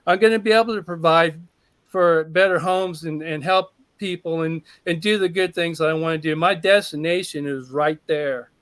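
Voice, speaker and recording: A man's voice: on the high side, fairly even intonation, moderate pace, fairly bright tone, no room sound. A man giving an emphatic, heartfelt personal testimony that builds with repetition. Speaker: testimonial speaker.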